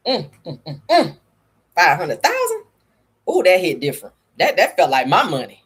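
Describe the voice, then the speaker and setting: A woman vlogger chats sassily through celebrity gossip. Her husky voice is lively and swings up and down. She keeps calling her viewers honey. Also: lowish voice, moderate pace, long pauses. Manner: sassy, chatty, addresses viewers as honey and y'all. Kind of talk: casual gossip commentary.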